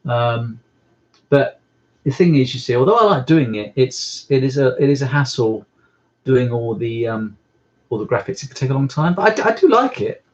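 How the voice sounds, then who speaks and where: Man, casual live-stream chat, halting with fillers, slightly muffled home recording. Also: mid-range voice, expressive, darkish tone. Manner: rambling, hesitant, many ums. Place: at home indoors.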